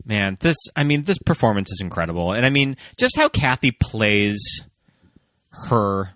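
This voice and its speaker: A man co-hosting a casual movie podcast, giving measured, thoughtful comments on the acting. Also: on the low side, very animated, a bit bright, dry recording, clean studio sound. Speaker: podcast co-host. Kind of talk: casual movie-review chat.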